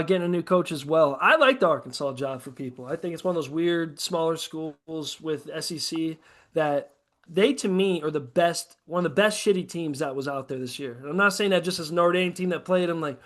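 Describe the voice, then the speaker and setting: A man's voice: sits high, fairly bright tone. A man co-hosting a podcast, chatting casually and profanely about sports, ranting hard and mocking others in quoted asides. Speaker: podcast co-host.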